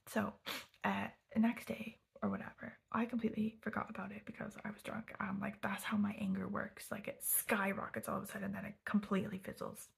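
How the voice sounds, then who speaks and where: A woman whispers a storytime vlog from her sofa late at night. Her voice is very breathy with a gravelly crackle, at a middle pitch. She chats loosely, swears, and keeps asking "okay?". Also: level tone, normal speed. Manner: chatty, swearing, lots of "like" and "okay?". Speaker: vlogger.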